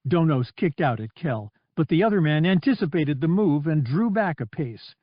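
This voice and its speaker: A man narrating an unabridged audiobook in an expressive storytelling voice. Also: on the high side, normal speed, few pauses, dry recording, muffled recording. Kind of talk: scripted narration.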